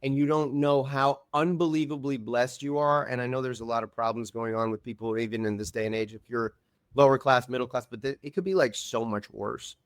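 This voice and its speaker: A man's voice: medium pitch, fairly even intonation, brisk, clean tone, no echo, clean studio sound. A man talking as a guest on a podcast, telling stories in an earnest, rambling way with lots of fillers. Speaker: reality show contestant and podcast guest. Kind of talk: casual chat.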